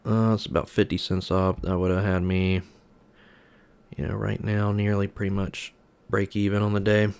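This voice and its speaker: A man's voice: lowish voice, little pitch movement, normal speed, gravelly, a little mellow, clean tone. A man hosting a live trading stream, talking to viewers in a frustrated way, sighing and repeating himself. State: aggravated.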